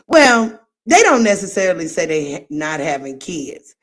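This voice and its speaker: A middle-aged woman hosting a livestream, chatting casually with viewers in an animated, playful way and often laughing at herself. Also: on the low side, moderate pace. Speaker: livestream host. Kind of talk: casual chat reacting to viewer comments.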